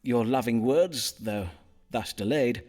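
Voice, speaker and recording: An actor playing a learned, courteous Elizabethan astrologer and doctor who speaks in florid, archaic phrases. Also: male voice, medium pitch, slow pace, darkish tone, faint music behind, natural voice. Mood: solemn. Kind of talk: period game voice acting.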